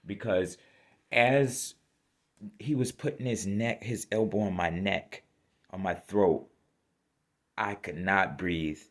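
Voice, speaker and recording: A man telling a personal story in a vlog, blunt and profane, swinging from loud emphasis to shaken, subdued talk. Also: low-pitched, slow pace, pauses often.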